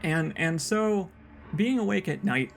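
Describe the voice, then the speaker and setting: A man's voice: high-pitched, animated, unhurried, gravelly, soft background music. A young man giving casual let's play commentary, rambling and stumbling over repeated words as he talks.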